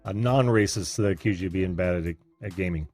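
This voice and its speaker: A man hosting a live call-in show, easygoing and quick to laugh. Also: deep voice, a little mellow, soft background music. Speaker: host.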